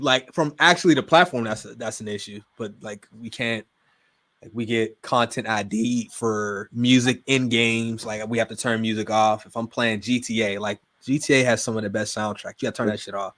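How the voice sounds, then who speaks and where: A young man from Pittsburgh with a Pittsburgh accent, chatting casually as a podcast guest, slangy and relaxed, often trailing off quietly. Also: mid-range voice, moderate pace. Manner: relaxed, slangy, drifts quieter at phrase ends. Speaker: guest gamer and streamer.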